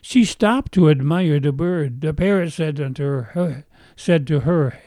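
A man's voice: on the high side, unhurried, warm tone, no room sound. A man preaching a sermon as pastor, earnest, stretching out key phrases for emphasis.

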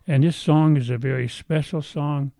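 Male pastor, sermon, earnest, mellow warm tone, dry sound. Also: a little high, steady tone, normal speed, vocal fry, no echo.

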